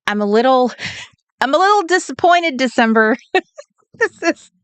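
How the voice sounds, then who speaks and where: A woman's voice: high voice, animated, measured pace, clean tone, no echo. A woman from California hosting a late-night craft livestream, chatting and greeting viewers in a giggly, sing-song way. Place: home, at night.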